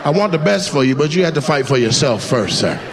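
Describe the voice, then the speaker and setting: A man's voice: a little high, lively intonation, quick pace. A male stand-up comedian doing crowd work, teasing audience members in a brash, profane way. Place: live comedy venue with audience. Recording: live show with crowd and noise.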